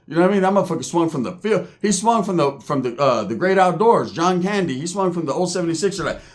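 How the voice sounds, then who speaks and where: A middle-aged man giving a casual commentary rant in streetwise slang, animated and full of tangents and asides. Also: on the high side, quick pace.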